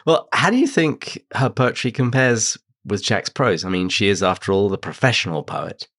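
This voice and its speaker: A man's voice: on the low side, very animated, normal speed, a bit bright. A man hosting a podcast, putting brief, wry remarks and questions to his guest. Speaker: podcast host. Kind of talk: interviewing a guest.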